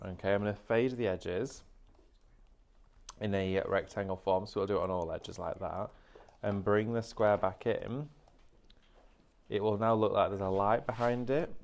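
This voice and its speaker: A man's voice: lowish voice, a little mellow. A man presenting a live craft demonstration, explaining each step in a chatty way. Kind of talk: live shopping craft demo.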